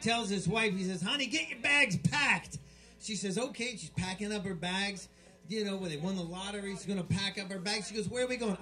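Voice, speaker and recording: A man's voice: high voice, a little fast, sharp tone, soft background music. A man telling crude jokes on stage at a bar, rambling, restarting and bickering with the crowd. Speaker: stand-up comic at a bar show. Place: bar with live band setup.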